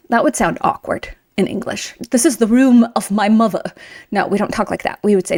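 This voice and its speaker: A woman teaching a Russian grammar lesson in a chatty, emphatic way, slowing down to read example sentences. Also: on the high side, animated, darkish tone. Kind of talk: online language lesson.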